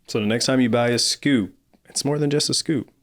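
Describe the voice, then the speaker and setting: A man's voice: mid-range voice, brisk. Enthusiastic male podcast host. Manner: enthusiastic, affirming. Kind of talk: casual interview.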